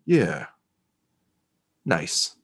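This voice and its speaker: A man playing a gruff brash warrior woman, blunt, swaggering, low voice. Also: wildly swooping pitch, very slow, fairly bright tone, full character voice. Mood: curt.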